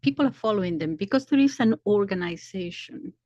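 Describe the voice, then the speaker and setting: A woman commentator explaining events slowly, often pausing to search for words. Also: medium pitch, expressive, mellow, no echo, highs cut off. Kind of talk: commentary video.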